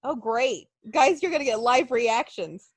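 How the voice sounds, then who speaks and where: High-voiced, mock-angry young woman. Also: lively intonation, a little slow, husky, no room sound. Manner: mock-angry, sarcastic, swearing. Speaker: podcast co-host. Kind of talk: casual chat.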